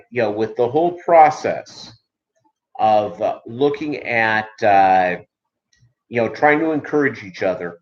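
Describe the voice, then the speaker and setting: Male streamer from Minnesota, casual and meandering, lots of "uh", dull lo-fi recording. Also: mid-range voice. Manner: rambling, many filler ums and uhs. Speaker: livestream host. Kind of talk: casual livestream chat.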